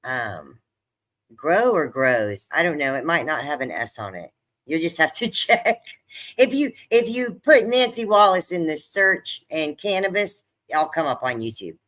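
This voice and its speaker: Chatting casually on her livestream, an older woman speaks at a measured pace in a low, fairly bright voice with big pitch swings. She talks freely with viewers, gets easily moved, and laughs a lot.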